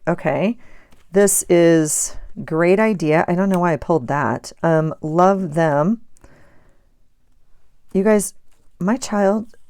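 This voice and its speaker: A woman's voice: fairly low pitch, darkish tone, clear, resonant tone, dry recording, clean studio sound. A middle-aged woman chatting casually and rambling with self-amusement while she works on her journal pages. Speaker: journaling vlogger. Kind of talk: casual chat while crafting.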